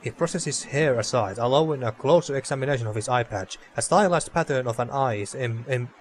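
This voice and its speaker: A man's voice: medium pitch, brisk, a little hiss or hum. Casual man reading game text, stumbling. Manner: stumbling over words, loose and profane. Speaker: let's play host.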